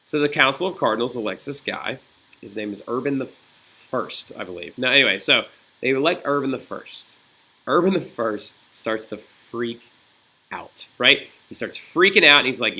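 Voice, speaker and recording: A man's voice: medium pitch, a little fast, sharp tone. A man teaching a recorded history lesson in a chatty, digressive way, often checking in with "right?" and "okay?". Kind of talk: recorded classroom lecture.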